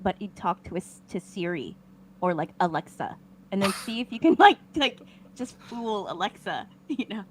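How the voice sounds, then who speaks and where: A woman from California co-hosting a podcast, excitable and enthusiastic in casual chat. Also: medium pitch, moderate pace, slight background noise. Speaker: podcast co-host.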